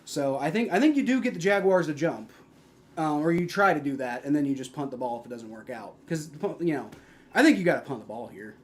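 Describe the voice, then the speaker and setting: A young man hosting a live football stream, mixing play-by-play calls with casual, profane replies to his chat, loud on big plays and mumbling in between. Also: on the high side, animated, fairly quick. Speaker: livestream host doing play-by-play.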